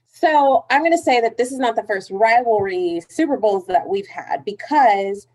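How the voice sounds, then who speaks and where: Producer lady guesting on a podcast, slightly high voice, giggly and friendly. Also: animated, moderate pace, a little mellow, low-quality recording. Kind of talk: casual podcast chat.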